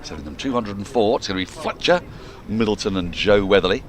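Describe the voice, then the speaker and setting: A man's voice: lowish voice, quick pace, crowd noise. A man giving live cricket commentary outdoors at a ground, playful and jokey as he calls the play. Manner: playful, jokey, animated delivery. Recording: open-air ground noise under the voice.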